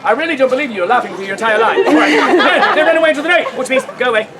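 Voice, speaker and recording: A woman's voice: high voice, expressive, racing. A woman performer telling a comic story to a live audience and directing volunteers, playful and laughing often. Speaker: street theater performer leading audience volunteers. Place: outdoor fair stage. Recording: loud crowd and outdoor fair noise.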